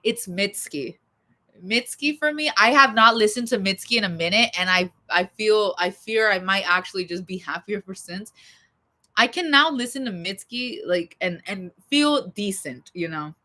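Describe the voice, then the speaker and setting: A young woman hosting a casual livestream, chatting in a rambling, expressive way with lots of fillers. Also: mid-range voice, normal speed. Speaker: livestream host.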